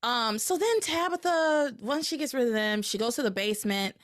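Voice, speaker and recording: A woman hosting a podcast, chatting casually as she recaps a soap opera episode and jumps up in pitch when something excites her. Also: normal speed, no echo, clean studio sound. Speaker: podcast host.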